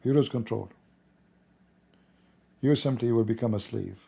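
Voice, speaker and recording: A man giving casual spoken commentary in a hoarse voice, rambling and chuckling through mocking asides. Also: mid-range voice, unhurried, dark tone. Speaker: online commentator.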